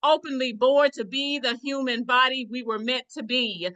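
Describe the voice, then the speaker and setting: A woman poet reading her spoken-word poem in a slow, deliberate, meditative way. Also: high-pitched, fairly even intonation, bright, forceful tone, rough recording.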